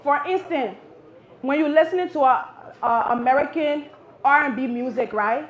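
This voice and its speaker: A woman from Liberia with a Liberian English accent doing animated live stand-up comedy, acting out voices as she goes. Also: sits high, normal speed. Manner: animated, acts out voices, laughs through lines. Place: cafe stage with live audience. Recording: roomy, dull live venue recording.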